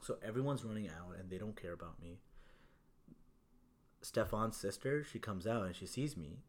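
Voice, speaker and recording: A man's voice: fairly low pitch, expressive, moderate pace. A young man telling a story in casual chat, laid-back and swearing freely, with lots of "like" and "bro".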